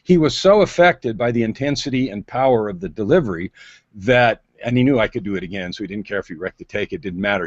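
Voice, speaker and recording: A man's voice: lowish voice, no room sound. A man being interviewed as an on-camera presence coach, telling stories dramatically over a video call with emphatic shifts in pace. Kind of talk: animated storytelling interview. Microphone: video call mic. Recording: muffled lo-fi video call audio.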